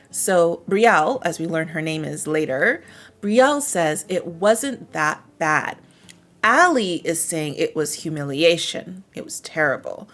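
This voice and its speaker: A woman teaching English, explaining phrases from a story and acting out the example lines with lively shifts of tone. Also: fairly low pitch.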